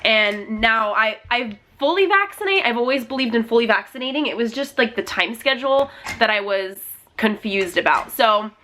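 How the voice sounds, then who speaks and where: A young woman, a mother, chatting casually to the camera at home in a chatty way, full of "like" fillers and quick laughs. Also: on the high side, sharp tone, a little hiss or hum. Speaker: family vlogger and mother. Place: at home with a toddler nearby.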